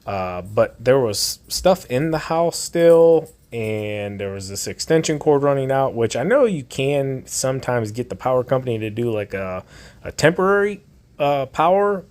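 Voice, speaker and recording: A man's voice: mid-range voice, no room sound. A man who owns a lawn care and storage business, talking casually to camera outdoors in a rambling way with plenty of fillers. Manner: conversational, rambling with many fillers. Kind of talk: casual vlog talk to camera. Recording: loud outdoor background noise.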